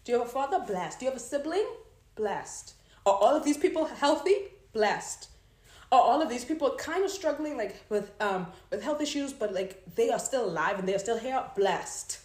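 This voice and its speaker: A young woman telling a story in a casual devotional talk, animated and laughing as she goes. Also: high-pitched, fast talker, hardly any pauses, echoey room. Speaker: Christian vlogger.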